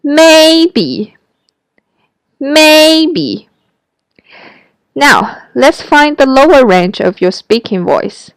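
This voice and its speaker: A woman teaches pronunciation in a slow, measured lesson voice. Her tone is smooth and resonant, and each sound is set out with care. The recording is dry and close, with no room sound. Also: fairly high pitch, expressive, dry recording, poor audio. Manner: clear, careful demonstration of sounds. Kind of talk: scripted language lesson.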